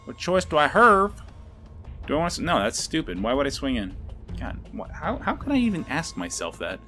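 Young male gameplay commentator, mid-pitched, swears freely, faint music underneath. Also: sing-song, fairly quick, bright, forceful tone. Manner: swearing, frustrated ranting. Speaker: gameplay video creator. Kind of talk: live card-game commentary. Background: faint background music.

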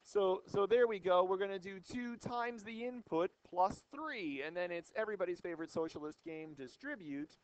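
A young male math teacher gives a classroom of students a jokey, playful lecture on an old microphone, wisecracking and theatrical. His voice sits high and sounds smooth and animated, moving at a moderate pace with few pauses.

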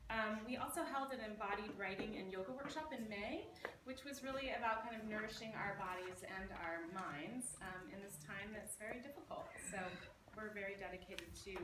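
A Scottish woman introducing a book as the press editor, chatty and hesitant with many fillers. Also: mid-range voice. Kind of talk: casual speech and poetry reading at a book party. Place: bookstore event. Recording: echoey room, distant mic, noisy.

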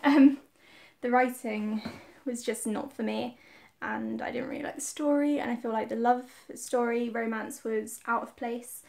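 A woman's voice: fairly high pitch, creaky. A young woman chatting casually in a reading vlog about books and her week, with plenty of fillers and asides. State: slightly out of breath after the gym. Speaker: book vlogger.

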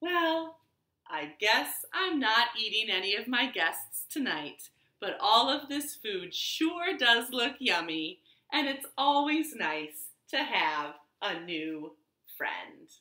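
A woman voicing a male cat in a children's story, speaking in high, squealing exclamations. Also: sing-song, slow pace, bright, forceful tone, roomy sound, exaggerated voice. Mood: content. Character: excited male cat with a big appetite.

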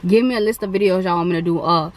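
A woman's voice: lowish voice, racing, slight background noise. A young adult woman, chatting casually and rambling on a mukbang vlog. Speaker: vlogger.

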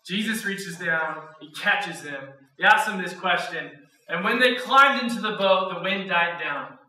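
A man, a student pastor, preaching a sermon with lively storytelling and acted-out quotes. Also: high voice, measured pace, slight background noise. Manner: animated storyteller, acts out quotes, laughs often. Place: church auditorium. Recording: echoey hall, mic at a distance.

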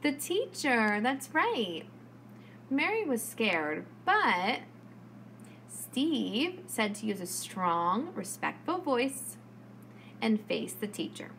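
A woman preschool teacher leads a lesson for small children. She speaks slowly and clearly in a bright, sing-song tone, her fairly high voice rising and falling as she talks. A faint hum sits behind her. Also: big pitch swings.

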